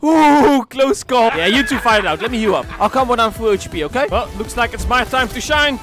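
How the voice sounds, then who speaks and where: A young man giving excitable, trash-talking commentary over his own gameplay as a streamer. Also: extremely high pitch, fairly quick. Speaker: gaming streamer. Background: game music.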